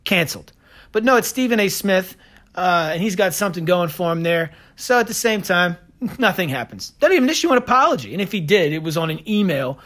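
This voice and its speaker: A man's voice: high-pitched, sing-song, a bit bright. A man hosting a solo podcast, ranting in a combative, sarcastic way and daring listeners to prove him wrong. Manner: combative, sarcastic, fast-talking. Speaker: podcast host. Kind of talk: opinionated solo podcast rant.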